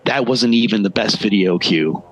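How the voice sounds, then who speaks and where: A man's voice: lowish voice, moderate pace, breathy edge, poor audio. A man voicing a cruel, smug grown man who sneers and boasts of his crimes, speaking in a voice close to his own. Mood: gloating.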